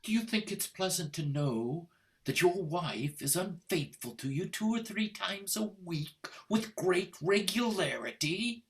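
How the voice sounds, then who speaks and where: A stage actor, an older man, reads a play over a video call as Richard, a stiff, icy, middle-aged English husband, delivering lines with precise diction and sarcastic menace. His voice is high with lively intonation and a slightly slow pace.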